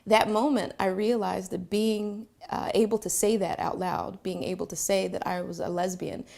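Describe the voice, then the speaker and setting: Woman from Philadelphia, personal storyteller; gravelly, mid-pitched, reflective and halting delivery. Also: level tone, darkish tone. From Philadelphia, Pennsylvania. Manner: reflective, halting with many fillers.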